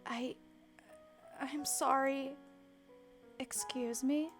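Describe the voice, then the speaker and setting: A woman voicing a timid, rain-soaked young woman in a visual novel, speaking softly and hesitantly, over faint game music. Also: sits high, steady tone, very slow, heavily acted. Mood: timid pleading. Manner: soft, hesitant, apologetic.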